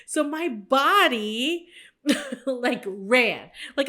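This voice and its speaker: A woman's voice: high-pitched, expressive, slow pace, fairly bright tone. A woman co-hosting a podcast, telling a story in casual chat, swearing freely and quoting herself in a jumped-up voice. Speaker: podcast co-host.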